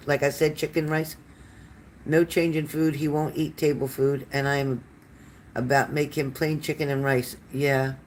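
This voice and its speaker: This live-stream psychic, with a medium-pitched voice and slight background noise, does a casual card reading while answering viewer comments. She chats loosely and warmly, addressing people by name and as honey, with many fillers and restarts.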